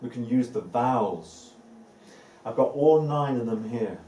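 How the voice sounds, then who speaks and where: Mellow and medium in pitch, this spiritual teacher's voice carries lively intonation at a measured pace. He gives an earnest evening talk to a live group indoors, repeating words for emphasis and laughing lightly now and then. A distant mic leaves him off-mic in an echoey room with faint ambient noise.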